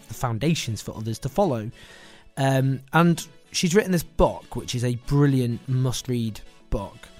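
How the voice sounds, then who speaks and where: A man hosting a podcast in casual chat. He rambles, corrects himself often and jokes around. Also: mid-range voice. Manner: rambling and self-correcting, jokey. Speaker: podcast host.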